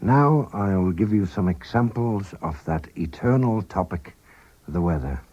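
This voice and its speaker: A man presenting a scripted radio language lesson. He speaks carefully and repeats each phrase slowly, then at normal speed. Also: deep voice, expressive, warm tone. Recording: dull 1980s radio recording.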